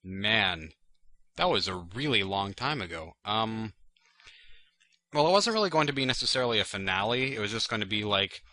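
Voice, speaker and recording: Chatty man with a very bright voice. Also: on the low side, very animated, moderate pace, no room sound. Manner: rambling and chatty, full of "like" and "you know". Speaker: channel host answering viewer questions. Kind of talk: casual chat.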